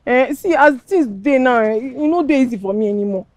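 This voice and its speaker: A woman's voice: high-pitched, animated, a little fast, a little mellow, no echo. A young woman with a Nigerian accent, teasing and complaining in film dialogue. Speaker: pregnant girlfriend.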